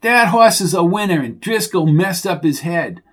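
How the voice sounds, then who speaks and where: A man voicing a calm detective who answers in a dry, understated way. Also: high-pitched, normal speed, pitched above the performer's own voice.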